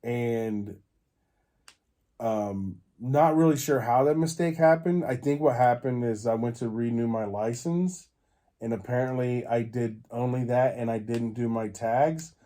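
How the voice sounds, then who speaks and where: A man's voice: medium pitch, a little slow, warm tone. A man hosting a podcast, telling a rambling story with many fillers and restarts. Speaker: podcast host. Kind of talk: casual storytelling.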